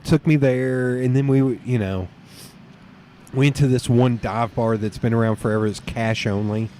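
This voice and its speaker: A man with a Southern US accent tells long, wandering stories in a casual chat. He laughs often and keeps jumping from one point to the next, talking at an ordinary middle pitch, with a faint hum behind him. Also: steady tone, normal speed, warm tone. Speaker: podcast guest.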